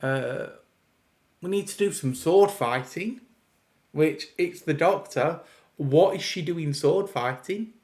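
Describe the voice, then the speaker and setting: A man's voice: on the high side, slow pace, darkish tone. A man giving a casual reaction review of a TV episode, ranting in an exasperated way and often restarting his sentences. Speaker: video reviewer.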